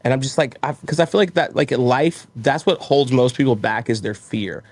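A man's voice: mid-range voice, fairly quick, a little mellow, breathy edge. A man from Texas telling his story as an interview guest, earnest and motivational, acting out his own thoughts. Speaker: guest, roofing business owner.

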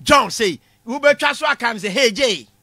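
A man lecturing a class for laughs, his voice pitched very high and sharply bright. He gets animated, shouts his punchlines and laughs at his own jokes. The recording is close and dry. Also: fairly quick, no room sound. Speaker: comedy lecturer.

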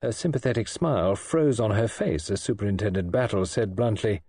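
A man reading a mystery novel aloud as audiobook narrator, in a measured, even manner. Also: on the low side, husky. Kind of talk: scripted narration.

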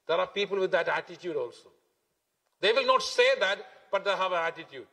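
High-voiced pastor guy, preaching hard, big echoey church hall. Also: sharp tone. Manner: emphatic, repetitive, drawn-out key words. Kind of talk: sermon. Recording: long hall reverb.

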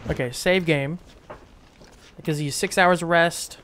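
A man's voice: a little high, steady tone, measured pace, a bit bright, a little hiss or hum. A man casually commenting while playing a game, thinking aloud with restarts. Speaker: gameplay streamer.

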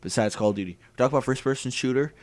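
A young gaming YouTuber commentates his own shooter gameplay at a racing pace, his medium-pitched voice a little mellow. He swears often and breaks into frustrated outbursts.

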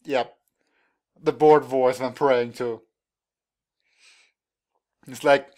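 A man's voice: medium pitch, steady tone, drawn-out words, pauses often, a little mellow. A young man in casual reaction commentary who laughs often and makes light teasing remarks. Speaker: anime reaction host.

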